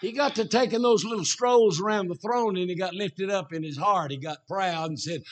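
A middle-aged man preaching a sermon as a Baptist preacher, swinging from shouted emphasis to low asides. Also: moderate pace, few pauses.

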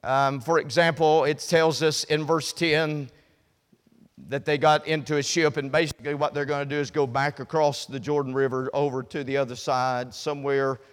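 A man preaching a sermon with folksy humor, swinging from quiet asides to loud, shouted emphasis. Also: fairly high pitch, flat delivery, moderate pace, clear, resonant tone, in a large hall.

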